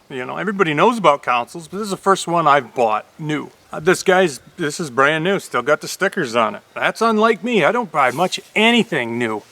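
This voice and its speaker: Brief: folksy vlog host, man, slightly high voice, bright and forceful tone, plain-spoken. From Upper Michigan. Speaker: YouTube host reviewing an axe. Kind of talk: casual vlog talk.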